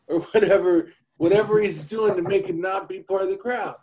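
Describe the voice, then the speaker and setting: Man, high voice, casual emphatic podcast co-host, swears freely. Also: fairly even intonation, a little fast, hardly any pauses, darkish tone, poor audio. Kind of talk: casual recovery talk.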